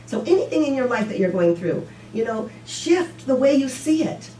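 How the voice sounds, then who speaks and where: A woman minister giving a relaxed, conversational sermon, often saying "you know" and getting lively when she tells stories. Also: high voice, moderate pace, a little hiss or hum. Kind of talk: informal sermon. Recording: echoey room, mic at a distance.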